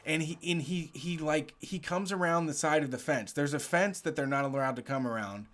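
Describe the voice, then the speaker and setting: A fairly high-voiced man spins a long, animated story in loose, profane chat. He talks in quick bursts full of fillers and restarts, breaking into laughter here and there. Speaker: podcast host telling a story. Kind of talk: casual storytelling.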